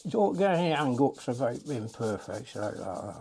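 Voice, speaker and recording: A man's voice: mid-range voice, big pitch swings, moderate pace, vocal fry, a little mellow, slight background noise. An older man, chatting and muttering to himself as he demonstrates a watercolour painting.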